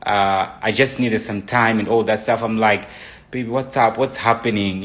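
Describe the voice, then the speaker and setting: A man's voice: on the low side, steady tone, normal speed, fairly bright tone. A young man speaking into his phone on a live stream, telling an emotional personal account in a rambling way, restarting and re-enacting his own texts. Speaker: livestreamer.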